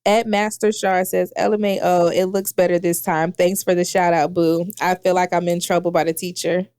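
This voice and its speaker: A woman's voice: on the low side, flat delivery, moderate pace, darkish tone, clean tone. A woman co-hosting a podcast, chatting casually in slang and laughing often. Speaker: podcast co-host.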